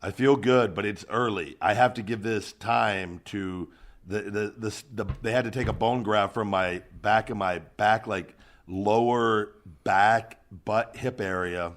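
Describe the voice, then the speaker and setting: Low-voiced man cracking jokes on a podcast. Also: measured pace, fairly bright tone. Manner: joking, chatty banter. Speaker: podcast co-host. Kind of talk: casual chat.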